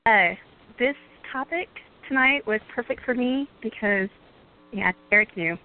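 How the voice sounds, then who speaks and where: A woman calling in to a radio show, talking gently and rambling with many pauses and soft laughs. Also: a little high. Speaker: caller. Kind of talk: casual call-in question. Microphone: phone call. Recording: tinny phone line.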